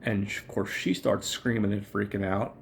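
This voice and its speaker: A man's voice: on the low side, level tone, normal speed, creaky, a little hiss or hum. A man hosting a casual show and recapping a film in a chatty, rambling, profane way. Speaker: podcast host.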